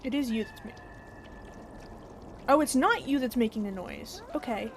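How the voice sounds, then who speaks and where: A young woman streamer chatters through a game in a slightly high voice, excitable and quick to swear. She talks straight to the characters on screen. Her home stream audio carries a steady layer of background noise. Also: gravelly, poor audio. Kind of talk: casual gameplay commentary. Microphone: desk mic.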